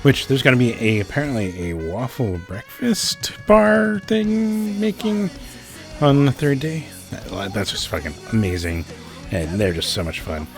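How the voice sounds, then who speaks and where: A man hosting a casual show about local music, excited, swearing often and laughing between thoughts. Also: mid-range voice, a little slow. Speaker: host. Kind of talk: casual podcast chat. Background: music underneath.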